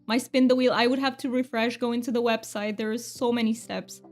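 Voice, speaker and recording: A woman's voice: on the high side, steady tone, fairly quick, a little mellow, soft background music. A woman game streamer chatting casually with her viewers, self-deprecating and thanking chat.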